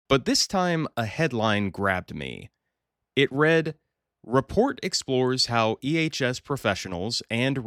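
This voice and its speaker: A man's voice: on the low side, a bit bright, no room sound, studio quality. A man hosting a podcast, delivering a scripted monologue with wry, sarcastic storytelling and punchy phrasing. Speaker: podcast host.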